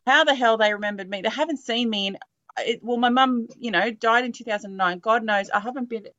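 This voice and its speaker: A woman's voice: a little high, a little fast, bright, forceful tone, dry recording. Candid Australian woman in her forties. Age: 40s. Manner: candid, emotional storyteller. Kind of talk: heartfelt conversational chat. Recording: dull, lo-fi dry sound.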